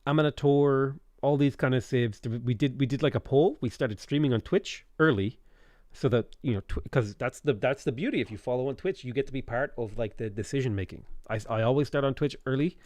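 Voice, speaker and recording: Laid-back Irish streamer, dry close sound. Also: male voice, mid-range voice, a little fast, darkish tone, no echo. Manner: rambling, reads out and answers chat questions. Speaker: game streamer. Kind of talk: casual live-stream chat.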